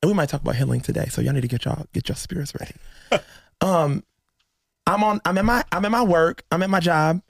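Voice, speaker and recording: A man hosting a casual faith podcast, telling an emotional story and acting out the dialogue with lively energy. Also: a little high, quick pace, gravelly, no room sound, studio quality. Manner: emotional, animated storyteller who acts out dialogue. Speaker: podcast host.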